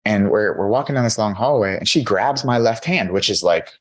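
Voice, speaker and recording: A man's voice: fairly low pitch, lively intonation, fairly quick. A man in his thirties, a podcast guest telling his own story in a candid, earnest way with lots of fillers. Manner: earnest, candid, many fillers like "you know". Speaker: podcast guest, keynote speaker. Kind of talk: storytelling in an interview.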